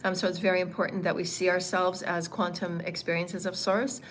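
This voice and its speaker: A woman with a fairly low voice, giving a livestreamed spiritual teaching. She meanders and repeats herself, filling pauses with ums. A faint hum of noise sits behind her voice. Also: little pitch movement. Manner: meandering, repetitive phrasing with frequent ums.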